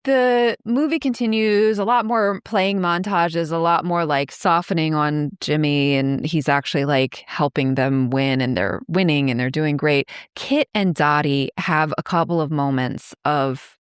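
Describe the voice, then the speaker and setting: A woman in her fifties talks through a film's plot in loose, chatty podcast style, full of "like" and quick laughs. Her voice sits a little low. The sound is dry and close, with no room behind it. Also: clear, resonant tone, no echo. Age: 50s. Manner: chatty, many likes, laughs while retelling scenes. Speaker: podcast co-host. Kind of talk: casual movie recap chat.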